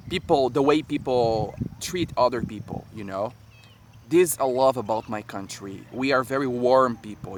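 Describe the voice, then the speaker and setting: Brazilian-accented man, native Portuguese speaker, casual friendly vlogger talking to camera outdoors, mid-range voice, crickets and insect noise clearly in the background. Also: medium pitch. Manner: chatty, friendly, talks in restarts. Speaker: travel vlogger. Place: outdoors in nature. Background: crickets and insects, passing vehicles.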